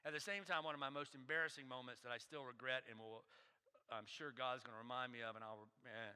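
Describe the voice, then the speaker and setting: In a church sanctuary with long hall reverb, a male pastor preaches a sermon, telling stories conversationally, repeating phrases and posing rhetorical questions. His mid-range voice is steady, quick, bright, forceful and clean.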